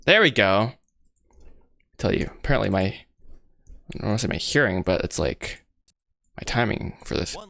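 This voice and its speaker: A man's voice: on the low side, normal speed, gravelly, pauses often. A young man from the United States chatting casually on a livestream while he animates, rambling, joking at his own expense and sounding out mouth shapes. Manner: rambling, self-mocking, excitable, says bro and guys a lot.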